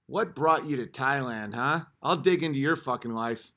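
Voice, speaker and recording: A man live-streaming, ranting at his chat in a combative, profane way, repeating short phrases and swinging between muttering and yelling. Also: mid-range voice, moderate pace, few pauses.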